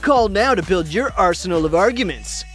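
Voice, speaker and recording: A man reading a parody infomercial voice-over in smooth pitchman patter. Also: lively intonation, moderate pace, a bit bright, soft background music.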